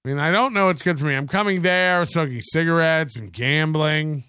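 A man hosting a casual live stream, talking in a bright, pushed, rather high voice. He mocks what he watches with dry sarcasm and reads viewer comments out loud. The sound is close and dry, with no room around it. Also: normal speed, smooth, no room sound. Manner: sardonic, mocking asides, reads chat comments aloud. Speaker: stream host reacting to clips.

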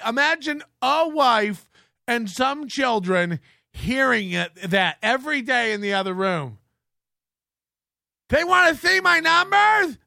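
A man's voice: high voice, gravelly, bright, forceful tone, dry recording, clean studio sound. A man hosting a comedic commentary show, ranting sarcastically with profane rhetorical questions and laughter. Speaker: host. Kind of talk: casual comedic commentary rant.

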